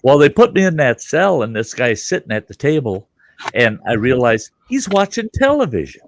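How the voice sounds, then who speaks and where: Low gravelly male host, lively swooping delivery, rambling and profane. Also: moderate pace, a little hiss or hum. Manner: rambling, profane, amused storyteller. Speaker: host telling a story. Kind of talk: casual storytelling chat.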